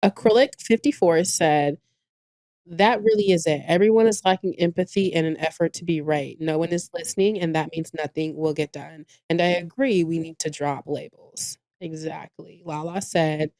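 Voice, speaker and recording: A woman's voice: low voice, moderate pace, a little mellow, dry recording. A young adult woman co-hosting a podcast in casual chat, blunt and joking, full of slang. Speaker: podcast co-host.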